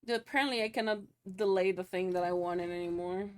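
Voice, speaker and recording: A woman's voice: lowish voice, fast. A young woman streaming live, chatting loosely with her viewers, laughing often and swearing casually.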